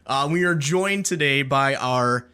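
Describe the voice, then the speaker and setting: A man hosting a casual podcast chat, upbeat and halting, with many restarts. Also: mid-range voice, pushed and bright, smooth. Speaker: podcast host.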